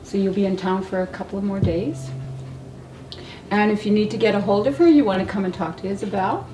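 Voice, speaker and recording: A woman's voice: mid-range voice, fairly quick. A woman hosts a casual interview, encouraging and thanking her guest with frequent laughs. Her voice carries from a distance across an echoey room, with faint noise underneath. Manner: warm, encouraging, laughs often. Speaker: interviewer, host.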